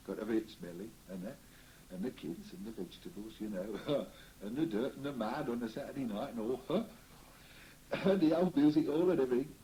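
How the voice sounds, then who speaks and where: A man's voice: fairly low pitch, dark tone, a little hiss or hum, close to an everyday voice, low-quality recording. A man in a trance-séance recording, speaking as the spirit of a cheery old Cockney costermonger with a Cockney accent, rambling and chuckling as he chats. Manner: rambling, chuckling, folksy chat. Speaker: trance medium.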